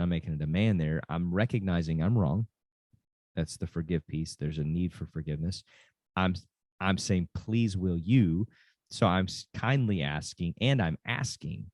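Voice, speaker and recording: Middle-aged dad, really low voice, earnest and kinda repetitive, dry close sound. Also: male voice, darkish tone, no room sound. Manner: earnest, repeats phrases, restarts sentences. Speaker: dad and football coach. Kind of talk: casual parenting talk.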